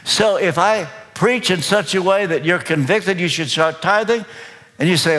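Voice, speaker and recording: A man with a Kentucky accent preaching a sermon as pastor, slow, deliberate and emphatic. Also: sits high, a bit bright. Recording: long reverb of a large hall.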